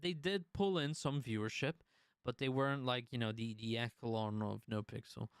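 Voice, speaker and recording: A man's voice: medium pitch, moderate pace, clear, resonant tone, dry recording, clean studio sound. A man streaming, chatting casually about his experiences, with many restarts and the odd swear word. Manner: conversational, restarts and swears while telling a story.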